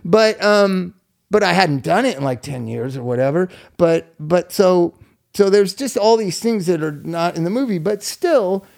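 A man's voice: high voice, animated, measured pace, creaky, a little mellow. A man telling a long, rambling story in casual chat, laughing often and swearing freely.

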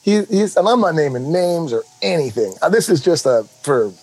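A middle-aged man co-hosting a podcast, telling stories in an animated, rambling way full of restarts. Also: a little high, moderate pace, poor audio. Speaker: podcast co-host. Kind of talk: casual chat.

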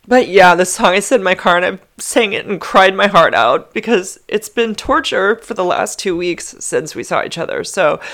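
Female podcast host, low register, chatty, emotional, rambling. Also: a bit bright. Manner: rambling, emotional, full of fillers. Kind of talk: casual confessional chat. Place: car.

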